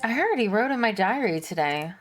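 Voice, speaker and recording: A woman's voice: mid-range voice, big pitch swings, brisk. A woman streamer reading a game's dialogue aloud and making casual asides.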